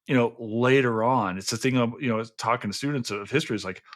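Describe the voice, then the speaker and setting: A man's voice: medium pitch, fast. A man from the American South hosting a podcast, chatting about film and history with lots of fillers and restarts. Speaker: podcast host. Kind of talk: casual film and history chat.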